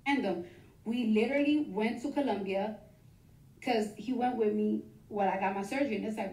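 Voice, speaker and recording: A woman casually telling a personal story, rambling and rapid, with many restarts and the odd curse. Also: mid-range voice, a little mellow. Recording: echoey, from far off the mic.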